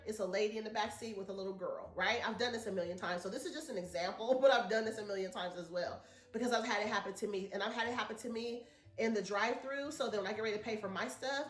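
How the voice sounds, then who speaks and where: A woman's voice: medium pitch, reverberant. A woman vlogger, chatting casually and telling a rambling story to her viewers. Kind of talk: casual chat to camera.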